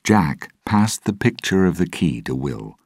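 A man narrating a storybook with a steady, deliberate reading. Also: low voice, husky, no echo, studio quality.

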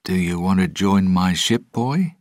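A man's voice: sits low, lively intonation, unhurried, no room sound, studio quality, voice pushed up. A man reading aloud, voicing a sly, teasing male pirate captain.

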